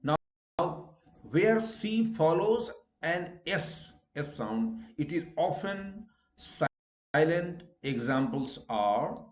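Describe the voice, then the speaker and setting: A man from India with an Indian English accent teaches a recorded pronunciation lesson, stretching out each example word slowly and deliberately. His voice is high-pitched, and the room sounds echoey.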